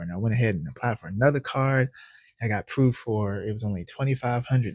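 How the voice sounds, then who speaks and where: A man vlogging his personal story to camera, animated and laughing often as he acts out his past thoughts. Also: medium pitch, fast, dry recording, clean studio sound. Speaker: credit educator vlogger.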